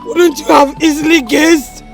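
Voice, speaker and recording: High slow Nigerian mother, scolding, faint score under. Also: steady tone, over music. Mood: worried. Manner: scolding, emotional. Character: distraught, scolding village mother. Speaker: mother of a pregnant daughter. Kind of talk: film drama acting.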